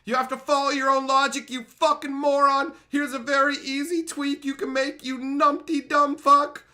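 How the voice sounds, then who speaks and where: A man voicing a furious male AI that checks story lore, shouting insults and swearing. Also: very high voice, flat delivery, normal speed, voice pushed up, exaggerated voice.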